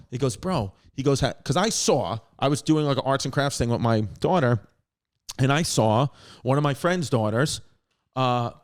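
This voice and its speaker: A man in his thirties hosting a podcast, telling a story in a rambling, animated way with frequent restarts and swearing. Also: mid-range voice. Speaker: podcast host. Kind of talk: casual storytelling.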